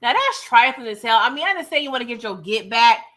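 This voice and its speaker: A woman's voice: on the high side, big pitch swings, fast, a bit bright. A woman hosting a casual TV recap, retelling scenes in a chatty, slangy way. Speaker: TV recap host.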